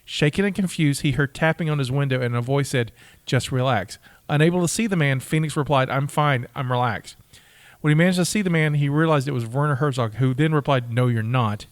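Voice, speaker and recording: A man's voice: on the high side, quick pace, few pauses, dry recording. A man co-hosting a podcast, reading out trivia with eager stumbles and laughs in casual chat. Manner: enthusiastic, reads facts aloud with stumbles and laughs. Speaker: podcast co-host.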